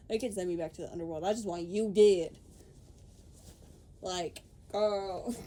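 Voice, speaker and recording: A woman's voice: medium pitch, animated, measured pace, long pauses, warm tone, slight background noise. A young woman podcaster ranting in casual chat, swearing freely, laughing and quoting people in put-on voices.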